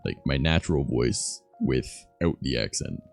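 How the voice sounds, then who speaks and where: A young man from Canada with a deep voice, chatting loosely and softly on his stream, swearing as he goes. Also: expressive, unhurried, gravelly, soft background music. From Southern Ontario, Canada. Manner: soft-spoken, loose and swearing. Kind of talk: casual stream chat.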